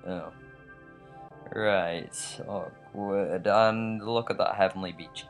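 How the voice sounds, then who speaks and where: Rambling English gamer with a low voice. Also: male voice, fairly even intonation, takes it slowly, soft background music. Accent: English, slightly American. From England. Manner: rambling and chatty, with many fillers and tangents. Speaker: let's play host. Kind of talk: gameplay commentary voiceover.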